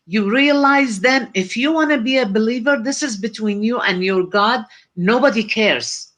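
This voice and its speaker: A woman's voice: medium pitch, fairly bright tone. A woman on a discussion panel speaking hesitantly, with many fillers, while holding firm views. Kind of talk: live online discussion.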